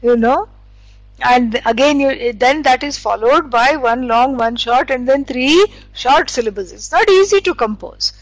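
A woman teaches in a relaxed, rambling lecture, full of "you know" and restarts. Her voice sits high, and the recording is dry and close, with little room sound. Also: a little slow, no room sound, rough recording. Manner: meandering, conversational, many fillers and restarts. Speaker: Vedanta teacher. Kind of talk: spiritual lecture.

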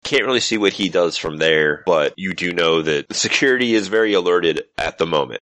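A man narrating as game master of a tabletop role-playing game, explaining scenes in a relaxed way. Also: deep voice, brisk, no room sound.

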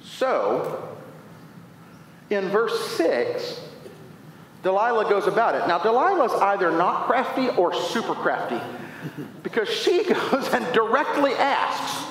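A man preaching a sermon, retelling a Bible story with playful, animated storytelling, swinging between loud and quiet. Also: high voice, slow. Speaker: pastor. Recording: echoey hall, faint noise.

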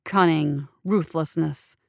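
Brief: woman narrator doing a menacing storybook minister, measured threats, dry close sound. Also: deep voice, creaky, no echo, full character voice. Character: scheming male minister, commanding and menacing.

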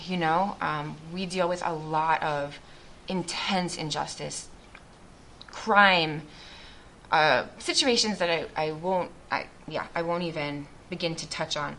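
A missionary woman with a slightly low, a bit bright voice addresses a group, sharing her faith testimony. She sounds earnest and reflective, often restarting her sentences, with faint background noise underneath.

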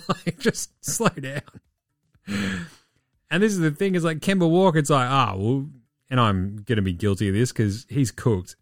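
A man hosting a casual podcast, swearing and rambling, his voice going hoarse. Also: on the high side, moderate pace, pauses often, dry recording, clean studio sound. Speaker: podcast host. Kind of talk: casual basketball chat.

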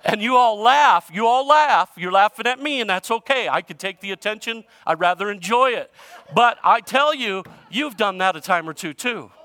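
A male pastor delivers a sermon, spinning a humorous story in a bright, slightly high voice. He swings from loud, animated bursts to hushed, close asides. The sound is dry and close, with little room echo. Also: normal speed.

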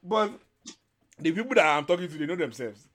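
A man's voice: a little high, fairly quick, no echo. A young man hosting a talk show, ranting bluntly and profanely in casual chat. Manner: blunt, profane, animated storytelling. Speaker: podcast host. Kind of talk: heated casual rant.

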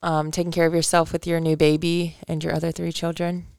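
A woman co-hosting a podcast in casual chat, asking many quick, curious questions. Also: low-pitched, completely flat delivery, creaky, a little mellow, clear, resonant tone, dry recording, studio quality. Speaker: podcast co-host.

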